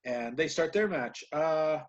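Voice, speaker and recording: A man's voice: fairly high pitch, lively intonation, measured pace, muffled recording. A man co-hosting a podcast, recapping wrestling matches in casual, rambling chat and laughing often. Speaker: podcast co-host.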